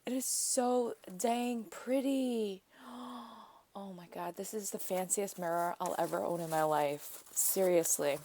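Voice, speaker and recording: A woman's voice: mid-range voice, slow, warm tone, slight background noise. A woman craft vlogger gushing and gasping as she unboxes birthday gifts. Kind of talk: gift unboxing vlog.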